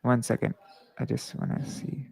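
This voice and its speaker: A man's voice: mellow, dry recording. Earnest man reading scripture aloud, dry. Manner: measured, earnest reading aloud with small restarts. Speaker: scripture class reader.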